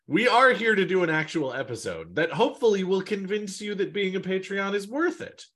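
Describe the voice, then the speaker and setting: A man hosts a casual podcast, rambling along loosely between topics. His voice is on the higher side and moves around a great deal. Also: lively intonation, fairly quick, a bit bright. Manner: rambling, with fillers and laughs. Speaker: podcast host.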